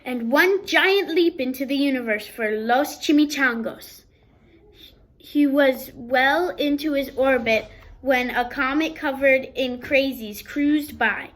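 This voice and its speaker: A woman reading a children's picture book aloud, expressive, pausing to explain words for young listeners. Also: high voice, poor audio. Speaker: storybook reader.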